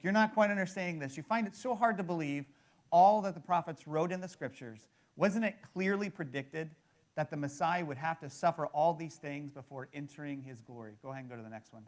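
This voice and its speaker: Guy preaching, kinda high voice, chatty, keeps saying "right?" and restarting. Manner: conversational, repeats words and restarts, fills with "right?". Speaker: pastor. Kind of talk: sermon.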